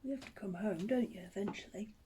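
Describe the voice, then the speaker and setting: A woman, chatting to the camera and telling old stories in a relaxed, reminiscing way. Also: mid-range voice, quick pace, a little hiss or hum. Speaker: vlogger. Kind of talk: casual chat to camera.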